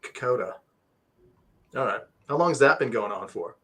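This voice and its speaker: This talk show host speaks fast in a mid-range voice that's husky yet pushed and bright, with lively intonation. He's a non-native English speaker chatting casually with a guest over a video call, joking, rambling and poking fun at himself.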